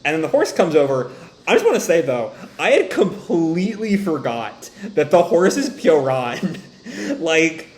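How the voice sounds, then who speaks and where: A man's voice: on the high side, measured pace, echoey room. A man hosting a manga reaction video, reading the chapter aloud and reacting with laughter and tangents. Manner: animated, laughs often, tangents. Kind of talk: casual reading and commentary.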